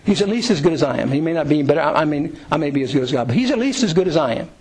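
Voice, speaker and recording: A middle-aged man delivers a sermon in a relaxed, conversational way. His voice sits a little high for a man. He voices the prayers he quotes with a lift in pitch. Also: rapid-fire, husky, poor audio. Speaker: pastor.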